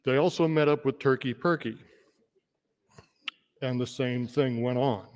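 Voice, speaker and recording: A man's voice: medium pitch, measured pace. Man senator, reading a kids' story aloud, playful storytelling, long chamber reverb. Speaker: state senator. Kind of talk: reading a children's story aloud in floor debate. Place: legislative chamber.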